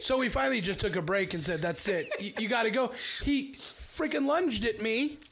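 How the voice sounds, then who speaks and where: A man excitedly retelling a fight in casual chat, rambling and restarting as he goes. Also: high voice, normal speed, background noise.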